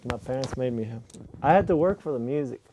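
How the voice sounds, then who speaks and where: A man's voice: mid-range voice, expressive, quick pace, heavy background noise. A man from Norway, chatting casually as a guest musician in an easygoing, slightly nervous way. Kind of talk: casual conversation.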